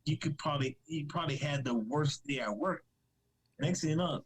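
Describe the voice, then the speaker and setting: A man's voice: fairly high pitch, fairly quick, a little hiss or hum, poor audio. A man chatting as a podcast guest, rambling with lots of restarts and easy laughter. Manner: rambling, many restarts and fillers; laughs easily, joking. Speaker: podcast guest, comic creator. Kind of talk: casual live-stream chat.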